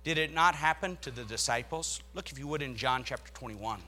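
A male pastor preaching a sermon, reading scripture aloud and swelling dramatically in loudness as he drives his points home. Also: mid-range voice, fairly quick.

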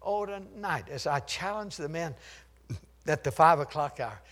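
An older preacher whose somewhat high voice rises into ringing shouts, then sinks to a near whisper as he tells a story. He laughs at his own jokes and drives each point home with repetition. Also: lively intonation, unhurried. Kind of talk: sermon.

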